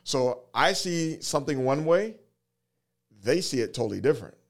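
A man in his forties telling a personal story earnestly, in halting phrases, holding back tears. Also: medium pitch, lively intonation. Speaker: guest, fatherhood program worker.

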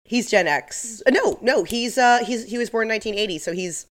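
A woman's voice: fairly high pitch, a little fast. A woman in her thirties co-hosting a podcast, chatting casually and rambling with lots of fillers and laughs. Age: 30s. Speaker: podcast co-host. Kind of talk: casual chat.

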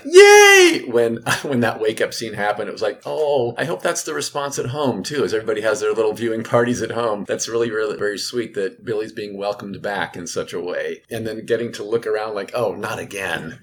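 A man telling stories as an actor in an interview, animated and enthusiastic, laughing often. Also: on the low side, a little hiss or hum. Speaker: guest actor. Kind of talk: interview storytelling.

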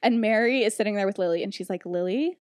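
A woman's voice: medium pitch, rapid-fire, dry recording, studio quality. A woman casually retelling a story on a podcast, giggling often and quoting characters with lots of "like".

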